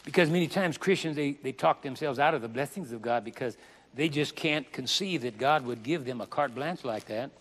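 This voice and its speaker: A male preacher delivering a sermon, with dramatic, drawn-out emphasis and joking asides. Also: mid-range voice, in a large hall.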